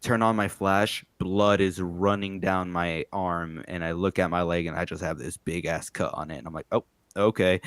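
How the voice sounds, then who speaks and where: A young man with a lowish, smooth, clean voice, rambling through a story in casual podcast chat. He swears freely and leans on fillers, recorded close and dry. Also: steady tone, moderate pace, a bit bright, dry recording. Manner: loose, profane storytelling, full of fillers. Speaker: podcast co-host.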